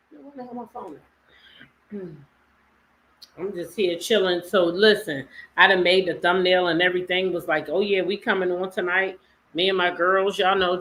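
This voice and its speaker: A woman's voice: mid-range voice, sharp tone. A woman hosting a casual livestream, sassy and greeting viewers by name. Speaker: livestream host. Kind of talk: casual live chat.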